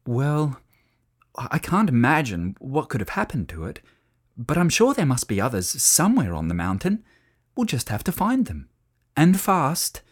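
A storyteller voicing a sensible, brisk young girl who calls out with urgency and takes charge. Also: mid-range voice, wildly swooping pitch, breathy edge. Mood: determined. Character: sensible girl, brisk and bossy older sister.

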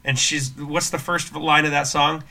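Male podcast host, very bright and forceful tone, casual storyteller who restarts often. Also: on the high side, moderate pace, vocal fry. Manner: storytelling, animated with many restarts. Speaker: worship leader and podcast host.

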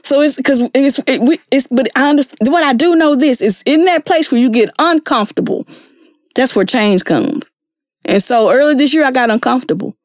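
A woman's voice: high-pitched, a little fast, no room sound, clean studio sound. A middle-aged woman, telling her personal story with earnest feeling and acting out the people she quotes. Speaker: guest sharing her story. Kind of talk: emotional personal testimony.

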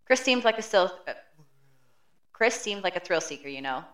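A woman co-hosting a true crime podcast, reading a prepared case summary in a steady, matter-of-fact way. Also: mid-range voice, moderate pace. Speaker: podcast co-host.

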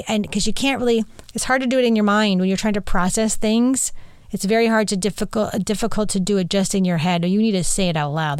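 A woman's voice: medium pitch, smooth, dry recording. A woman hosting her own podcast, talking candidly and earnestly in a rambling way, full of fillers and restarts. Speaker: podcast host and medium. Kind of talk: candid personal monologue.

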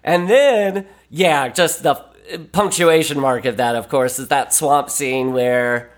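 A man talking casually as a podcast guest, rambling and animated, with many fillers and restarts. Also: a little high, slow pace. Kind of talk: casual film discussion.

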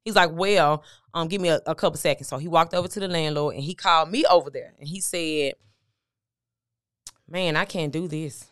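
With a low, clean-toned voice at normal speed, a middle-aged motivational speaker appearing as an interview guest candidly recounts a personal story. She speaks conversationally, quoting people's words, in clean studio sound with no echo.

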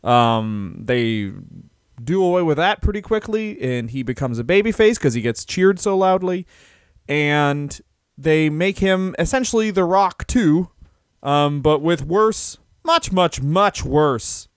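A man's voice: a little high, expressive, slow, clear, resonant tone, dry recording, studio quality. A man co-hosting a casual comedy podcast, joking and slipping into silly put-on voices for quotes. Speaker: podcast co-host.

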